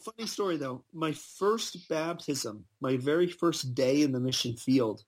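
A man telling stories in a casual chat, animated and quick to laugh as he acts out people he quotes. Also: on the high side. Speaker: guest. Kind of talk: casual storytelling.

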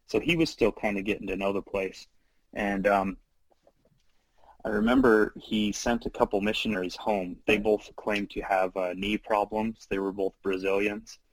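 Low-voiced man telling a story, dry sound. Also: normal speed, no echo, low-quality recording. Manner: animated, filler-heavy, laughs often. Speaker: storyteller recounting his mission. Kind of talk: casual storytelling chat.

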